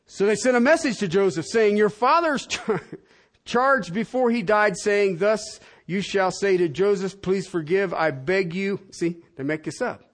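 In a church hall, a male pastor preaches, swinging from loud, rising proclamation down to a hushed, soft prayer. His voice is high and a little slow.

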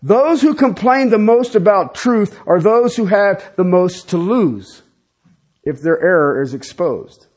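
An unhurried pastor in his fifties with a high voice preaches a lively, conversational sermon, adding casual remarks for his congregation.

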